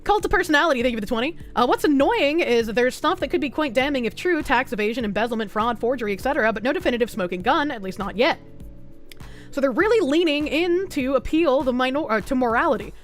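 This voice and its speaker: A woman's voice: high-pitched, expressive, soft background music. A woman from Boston with a Boston accent, streaming and chatting casually with viewers in a loose, profane way. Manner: loose, profane, quick to laugh. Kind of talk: casual chat reading viewer comments.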